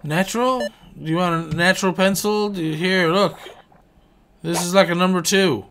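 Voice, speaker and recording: A man giving lively let's play commentary on a fishing game, swearing and coaxing and scolding the fish as he plays. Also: high-pitched, normal speed, noisy background. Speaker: gaming channel host.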